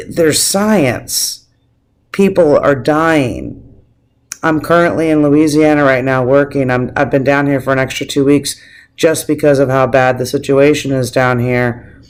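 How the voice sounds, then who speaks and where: A man on a casual video blog, ranting emotionally, teary-eyed and swearing freely, with frequent restarts. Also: medium pitch. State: teary, on the verge of crying. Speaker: vlogger. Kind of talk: casual opinion rant to camera.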